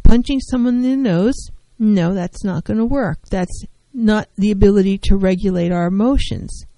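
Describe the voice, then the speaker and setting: Speaking at a normal speed in a mellow, mid-range voice, a middle-aged woman who is a licensed professional counselor delivers an educational mental health talk about handling feelings. She is earnest and emphatic, repeating key phrases for emphasis. The audio is dry and of poor quality.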